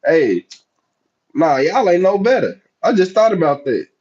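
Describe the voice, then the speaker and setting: A man's voice: high voice, big pitch swings, measured pace, darkish tone, breathy edge, muffled recording. A man with a Southern US accent who grew up in the United States, talking casually and chattily to his chat as a livestream host. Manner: chatty, laid-back, talks straight to chat.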